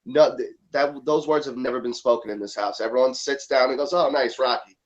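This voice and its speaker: A man with a New York accent speaks as a podcast guest over a call, telling stories with emphatic push. His mid-pitched voice comes through slightly dull and lo-fi. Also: a little fast. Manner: animated storyteller, emphatic. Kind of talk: casual podcast chat.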